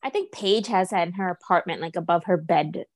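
A woman's voice: lowish voice, fairly quick, no room sound. Chatty woman podcaster, dry close sound. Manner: chatty, giggly, animated retelling. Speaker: podcast co-host. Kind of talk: casual chat.

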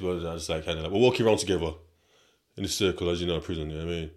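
On his podcast, a young UK man races through a rambling, slang-filled story in a low voice. It's a casual storytelling monologue, chatty and wandering, sprinkled with asides to his listeners.

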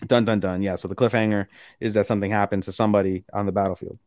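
A man's voice: lowish voice, rapid-fire, no room sound. Dry-voiced male podcast co-host. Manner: animated retelling, acting out characters' lines with profanity. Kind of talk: casual chat recapping anime episodes.

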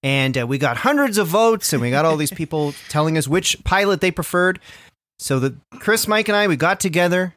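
A man's voice: a little high, fairly quick. A man hosting a comedy podcast, chatting casually and joking with his co-host and guest, swearing freely. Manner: jokey, animated, swears freely.

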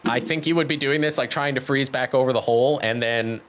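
A man's voice: mid-range voice, a little fast, noisy background. A man narrating as game master, describing scenes loosely with many fillers.

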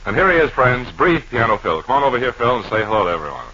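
A man hosting a 1940s radio comedy, tossing off deadpan absurd asides in a halting ad-lib style. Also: mid-range voice, breathy edge. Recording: dull old radio broadcast recording.

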